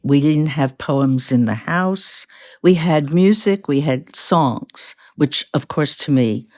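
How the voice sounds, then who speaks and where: A woman's voice: sits low, slow, darkish tone. An older woman from Brooklyn, a guest reminiscing candidly in an interview. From Brooklyn, New York. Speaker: guest, psychotherapist. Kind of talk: casual interview talk.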